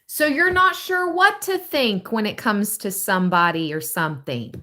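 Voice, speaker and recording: A woman giving a casual live-stream tarot reading, chatty and thinking aloud with drawn-out phrases. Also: medium pitch, animated, bright, forceful tone. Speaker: tarot reader.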